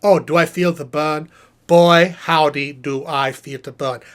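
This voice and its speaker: A man's voice: fairly high pitch, unhurried. A man voicing a theatrical, self-important male puppet professor hosting a live stream Q&A, rambling and breathless. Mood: chatty. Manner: animated, theatrical, rambling asides. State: out of breath, exhausted. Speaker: puppet host.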